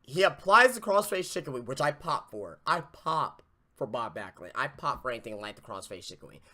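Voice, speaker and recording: Male podcast host, ranting review, cursing freely, bright voice, lively pitch swings. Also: brisk. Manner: profane, exasperated ranting. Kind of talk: casual wrestling review rant.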